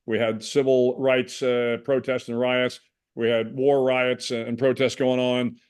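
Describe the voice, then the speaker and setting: A man in his sixties from the United States, a guest in a conversational interview, speaking in a measured, reflective way with frequent restarts. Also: medium pitch, flat delivery, a little mellow, clear, resonant tone. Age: 60s.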